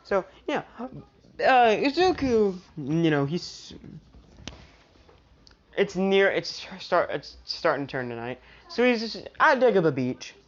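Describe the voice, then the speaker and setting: A woman's voice: medium pitch, big pitch swings, slow, highs cut off. A woman improvising a fan-fiction story aloud, rambling with lots of restarts and fillers. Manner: rambling, full of "you know" and restarts.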